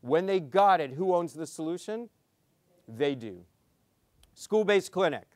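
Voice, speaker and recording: A man, a pediatrician, giving a conference talk, telling clinic stories and acting out the dialogue in a lively way. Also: a little high, a little slow, no room sound, clean studio sound. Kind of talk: conference lecture.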